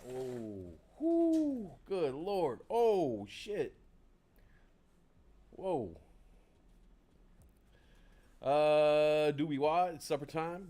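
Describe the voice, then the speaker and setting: A man's voice: on the high side, mellow. A man hosting a casual livestream who rambles in a chatty, self-deprecating way, close on a desk mic. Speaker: livestream host.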